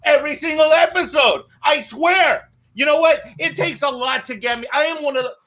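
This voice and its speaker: A man's voice: extremely high pitch, normal speed, bright, forceful tone. A man on a panel show giving a heated, swearing fan rant, repeating himself a lot, a bit tipsy from drinking. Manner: angry, swearing, repeats "you know what".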